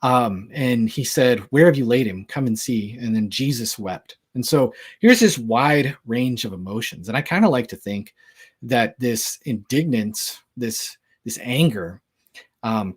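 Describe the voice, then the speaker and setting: A man's voice: mid-range voice, breathy edge. A man talking casually about the Gospels, reading verses aloud and explaining them with plenty of fillers. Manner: conversational, many fillers, reads verses aloud. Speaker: Bible teacher.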